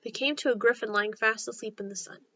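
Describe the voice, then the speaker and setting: Lady reading a kids story out loud, gentle, higher voice, lo-fi sound. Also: fairly even intonation, fast. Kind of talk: storybook read-aloud narration.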